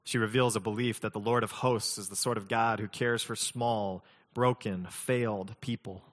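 A man's voice: on the low side, fairly even intonation, normal speed, long reverb tail. A man preaching a sermon as pastor, conversational, mixing scripture reading with humorous personal stories.

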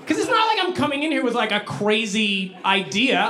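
A male stand-up comedian performs a set in a comedy club, his high, animated voice moving at a normal speed over music. The room is echoey, with the live audience laughing in the background, and he acts out voices as he tells his stories.

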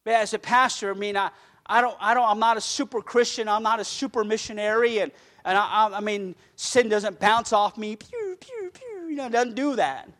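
A high-pitched man preaching a sermon as a pastor. He builds to loud, fervent declarations, then drops into soft, earnest asides to the congregation. The voice sits well above the usual male range. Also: fairly even intonation, a little fast.

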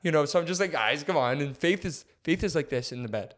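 Animated young man telling a story. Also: a little high, quick pace. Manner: animated, filler-heavy, says "like" and "dude" constantly. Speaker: podcast co-host. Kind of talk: casual storytelling chat.

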